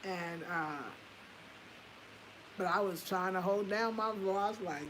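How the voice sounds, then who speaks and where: A woman's voice: mid-range voice, unhurried, pauses often. Candid woman in her fifties, noisy recording. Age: 50s. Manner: candid, animated, breaks into laughter, swears casually. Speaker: home design vlogger. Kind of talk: casual personal storytelling.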